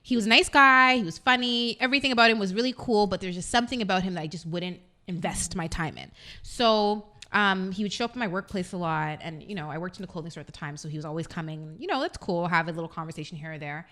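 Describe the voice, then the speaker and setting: A young woman co-hosting a casual internet radio talk show. She talks at a rapid clip with a bright, forward tone. She tells her story with animation and acts out the voices of the people in it. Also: lowish voice. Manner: fast-talking, animated, acts out quoted voices.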